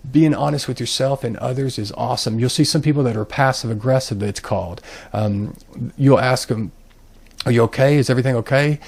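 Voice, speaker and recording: A man's voice: medium pitch, darkish tone, breathy edge. A man hosting his own channel, giving a loose, unscripted self-help talk with many ums and restarts. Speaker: channel host.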